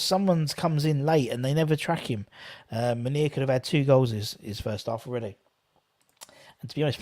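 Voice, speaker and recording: A man's voice: medium pitch, a little mellow. A man hosting a live football watchalong, chatting with viewers and commenting on play in a rambling, casual way. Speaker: watchalong host.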